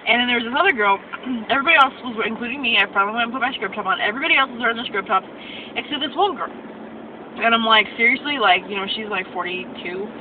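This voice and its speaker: A woman's voice: on the high side, fast talker. A young woman venting about her medical assistant class in a vlog, ranting and acting out what others said. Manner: ranting, acts out quoted people. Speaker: medical assistant student vlogger. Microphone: phone camera. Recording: tinny phone audio with noise.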